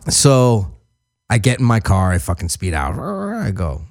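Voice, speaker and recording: Profane, animated male storyteller. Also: lowish voice, unhurried. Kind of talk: casual chat.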